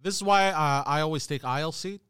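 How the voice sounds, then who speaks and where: A man co-hosting a podcast in casual chat, talking in a relaxed way with lots of fillers. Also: fairly high pitch, a little fast, clear, resonant tone, no echo, clean studio sound. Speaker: podcast co-host.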